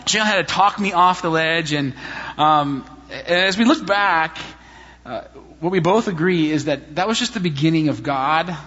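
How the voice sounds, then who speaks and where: A man preaching a sermon in a church, telling personal stories in an animated, self-deprecating way. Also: on the high side. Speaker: pastor. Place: church sanctuary. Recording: reverberant hall, slightly dull sound.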